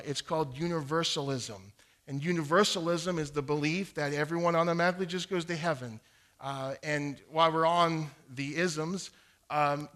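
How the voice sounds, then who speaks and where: A man's voice: high voice, bright, forceful tone. A middle-aged man preaching earnestly, teaching how to share the gospel, reciting King James verses and stumbling on repeated words. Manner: earnest, repeats words when starting sentences. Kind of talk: evangelism teaching talk.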